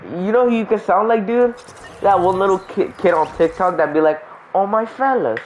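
A young man streams a game and chats casually with friends, laughing a lot and swearing in joking banter. His voice is high and fairly quick, and the lo-fi recording carries a little hiss or hum.

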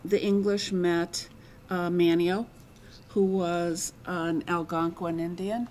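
A woman explains local history in a calm and unhurried way, her voice sitting a little low. She speaks slowly and deliberately. Outdoor noise is heard behind her.

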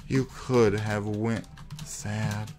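A man's voice: lowish voice, a little mellow. A man giving melodramatic gameplay commentary, sighing heavily and lamenting in theatrical self-pity. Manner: theatrical self-pitying despair with heavy sighs. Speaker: gameplay video creator.

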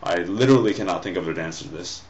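A man's voice: sits low, lively intonation, racing, darkish tone, reverberant, lo-fi sound. A man reading a story aloud and sarcastically critiquing its writing, with lots of casual fillers.

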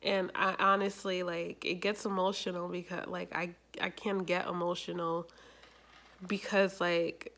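A young adult woman chatting casually in a vlog, rambling and animated, with lots of fillers. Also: fairly low pitch, measured pace. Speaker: YouTuber.

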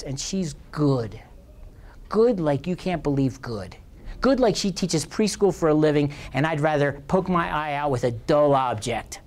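Male professor, 50s, comic storyteller, bawdy and self-mocking, very expressive pitch. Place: lecture hall.

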